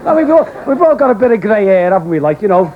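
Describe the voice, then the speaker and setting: A man's voice: sits high, sing-song, fast talker. A man doing a stand-up routine on a club stage, telling jokes in a chatty way with asides to the audience. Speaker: stand-up comedian. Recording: dull old videotape with loud crowd and hiss.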